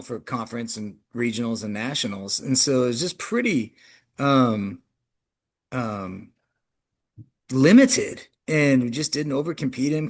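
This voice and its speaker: A man who coaches track and field, answering interview questions in a loose, conversational way, often restarting his sentences. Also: husky. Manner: animated, frequent restarts, jumps in pitch when emphatic.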